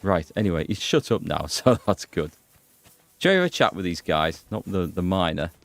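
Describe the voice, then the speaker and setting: A man's voice: deep voice, lively intonation, normal speed, creaky, no echo. A man hosting a gaming playthrough, chatting, joking and thinking aloud. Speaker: gaming host. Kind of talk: let's play commentary.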